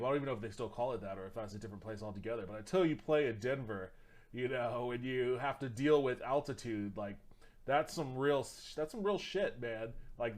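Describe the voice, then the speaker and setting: A man streaming, reacting to videos in a loose, rambling casual chat that includes some swearing. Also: medium pitch.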